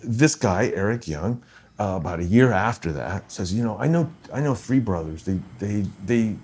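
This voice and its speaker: A man's voice: lowish voice, normal speed. A man, a film composer and guest, telling stories in casual chat and acting out the people in them. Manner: animated storyteller, acts out phone voices. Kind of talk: casual storytelling while gaming.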